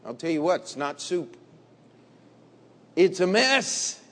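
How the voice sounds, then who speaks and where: A man preaching a sermon in a blunt, combative way, dropping to low murmurs and rising to loud emphatic bursts. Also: very animated, slow. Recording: long hall reverb.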